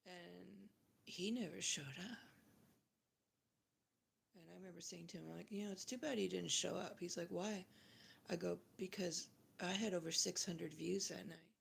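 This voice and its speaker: Middle-aged woman vlogger, from Canada, gravelly, chatty rant with whispered asides. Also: lowish voice. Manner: talks fast with many fillers, drops to whispers. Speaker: channel host. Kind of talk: casual ranting monologue.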